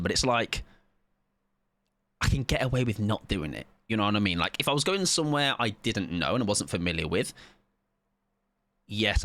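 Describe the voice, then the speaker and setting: A man's voice: mid-range voice, fairly bright tone, slight background noise. A man streaming a game, reading out chat and rambling casually with swearing and laughs. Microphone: desk mic at his PC.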